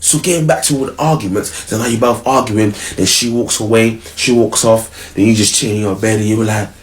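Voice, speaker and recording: A man's voice: on the low side, steady tone, a little fast. A man giving casual relationship advice, slangy and acting out both partners.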